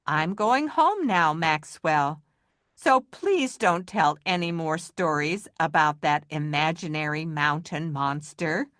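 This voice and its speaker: A woman doing a calm, caring mother moose. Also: sits low, slow, no room sound, clean studio sound, heavily acted. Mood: reassuring. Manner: calm and reassuring.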